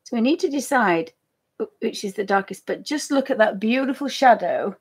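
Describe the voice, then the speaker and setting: A woman's voice: a little high, animated, moderate pace, slightly rough. A woman hosting a live painting tutorial stream, chatty and easily amused, with apologetic asides to her viewers. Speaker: art demonstrator.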